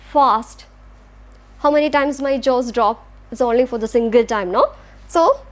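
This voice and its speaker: This is a classroom lecture by a high-voiced woman teaching English with an Indian English accent. She is patient and demonstrates words syllable by syllable.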